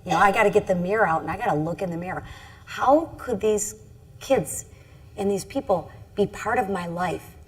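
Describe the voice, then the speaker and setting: A middle-aged woman, a congresswoman, telling a personal story on a panel in an earnest, halting way with many restarts. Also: mid-range voice, breathy edge. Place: event stage.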